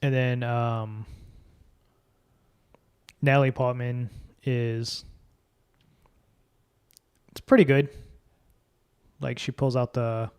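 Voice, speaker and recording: A man's voice: mid-range voice, little pitch movement, drawn-out words, pauses often, darkish tone, clean tone. Casual swearing man reviewing films. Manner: swears freely, offhand film commentary. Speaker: podcast co-host. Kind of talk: casual chat.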